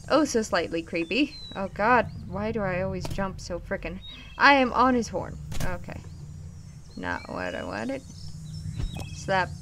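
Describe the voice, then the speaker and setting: Young woman, gaming commentator, bright lively voice, slow easy delivery, faint hiss. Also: medium pitch. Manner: excitable, swears, laughs, yelps at scares. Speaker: gaming YouTuber. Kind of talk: casual game commentary.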